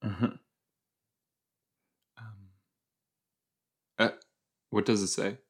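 A man's voice: on the low side, flat delivery, drawn-out words. A man from the Los Angeles area hosting a podcast, giving rambling, self-mocking reaction commentary and giggling often. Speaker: podcast host.

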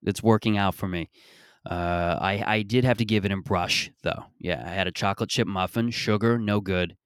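Low-voiced man rambling on his podcast. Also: fairly even intonation, moderate pace, clean tone, dry recording, clean studio sound. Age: around 30. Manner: rambling, joking, profane. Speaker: podcast host. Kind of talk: casual solo podcast monologue. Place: parents' backyard outdoors.

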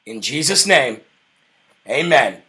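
A man hosting a live political talk show, fervent and preacher-like, reading viewer comments out loud. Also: mid-range voice, sing-song, slow pace.

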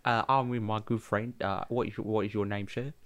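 A man's voice: lowish voice, fairly even intonation, fairly quick, a bit bright. A young man co-hosting a casual podcast chat, rambling with lots of fillers and repeated phrases. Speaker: podcast co-host.

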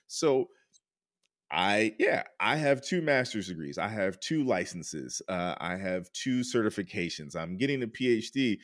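A man speaking as a counselor in a candid interview, informal and rambling, often asking "right?" and getting loud and high when excited. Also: measured pace, no room sound, clean studio sound. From United States. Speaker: counselor and podcast guest.

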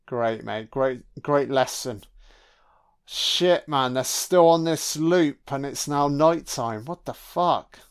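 Man, casual commentary, sweary and sarcastic, slow delivery, mid pitch. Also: clear, resonant tone. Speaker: film commentator.

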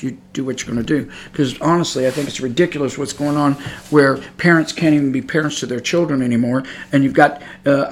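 A middle-aged man giving an emphatic religious podcast monologue, repeating himself and growing heated. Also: on the high side. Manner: emphatic, repetitive, grows heated and loud. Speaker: podcast host.

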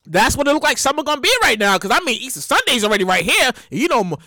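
A woman spins a loose comedic monologue in slangy, exclamation-packed talk. Her voice sits high and bright and leaps around in pitch. The recording is dry and close. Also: fast talker, dry recording. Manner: animated, slangy, rambling with exclamations. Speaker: comedic storyteller.

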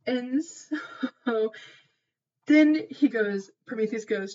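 A woman's voice: on the high side, takes it slowly, a little mellow, muffled recording. A woman hosting a casual mythology podcast, rambling with lots of fillers, casual swearing and lost trains of thought. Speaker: podcast host.

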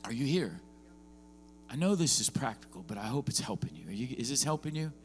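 A man's voice: medium pitch, brisk, faint music behind. A man preaching as a visiting pastor, often rising into emphatic bursts and checking in with the congregation. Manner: lively preaching with rising, emphatic bursts and frequent "are you with me?". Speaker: guest pastor. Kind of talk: sermon. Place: church.

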